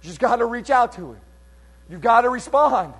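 High-voiced man preaching a fervent sermon. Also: lively intonation, moderate pace, slightly rough. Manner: fervent preaching, swinging from hushed to loud; reads scripture in old King James wording.

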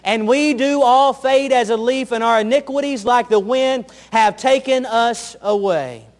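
A man's voice: very high voice, unhurried. A young adult man, a pastor, preaching a sermon in an earnest way, telling homely stories and repeating his key phrases.

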